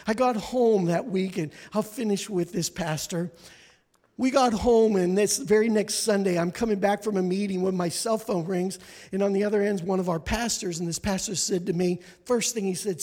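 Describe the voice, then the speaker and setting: A man preaching a sermon, telling stories dramatically and acting out the people in them, at times rising to a near shout. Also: high-pitched, normal speed, in a large hall. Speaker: guest preacher. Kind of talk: sermon storytelling. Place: church sanctuary.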